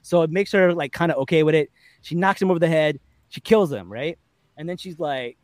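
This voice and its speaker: Male podcast host, upper-middle pitch, dry close sound, lively storyteller. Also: fairly quick, dry recording. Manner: animated storytelling, laughing often, acting out quotes. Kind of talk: casual chat, recapping a TV episode.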